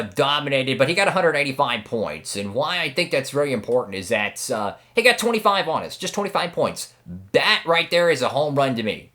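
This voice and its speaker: A young man commentating his own racing game run, excitable and talking at the other drivers. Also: medium pitch. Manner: excitable, talks to rival drivers, frequent outbursts. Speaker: gaming channel host.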